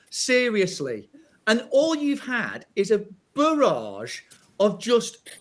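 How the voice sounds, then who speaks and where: A man with a high voice that leaps all over the place, ranting on a casual podcast. He sounds fed up and keeps cutting in with laughs and blunt asides. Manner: exasperated ranting, swearing, laughing. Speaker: podcast host.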